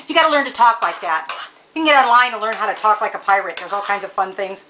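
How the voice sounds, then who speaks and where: A woman's voice: medium pitch, fast talker, background noise. A woman giving a casual cooking demonstration in a home kitchen, chatty and homey, talking straight to the viewer. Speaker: home cook presenting a recipe.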